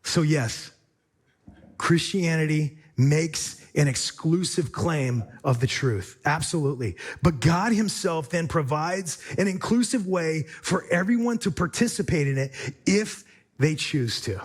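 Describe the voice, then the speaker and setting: Male pastor, sermon delivery, higher register, measured and emphatic with rhetorical repeats. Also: expressive, husky.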